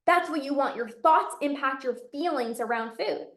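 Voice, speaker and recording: A woman's voice: high-pitched, moderate pace, roomy sound. A woman, a binge eating coach, giving an emphatic motivational talk to a live audience and repeating her key phrases.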